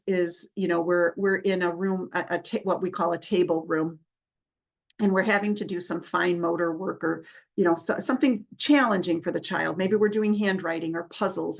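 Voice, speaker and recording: A woman's voice: medium pitch, gravelly. A woman hosting a podcast, earnestly explaining parenting strategies and often restarting her sentences. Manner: earnest, explanatory, with many restarts and acted examples. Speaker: therapist and podcast host. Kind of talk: podcast talk giving parenting advice.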